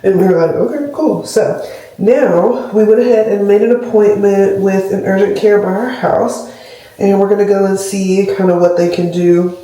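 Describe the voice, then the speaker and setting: A woman's voice: mid-range voice, dark tone, husky, no room sound, low-quality recording. A woman talking casually to the camera in a vlog, full of fillers, recorded in a car. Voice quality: chatty, many fillers like "like" and "um". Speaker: vlogger.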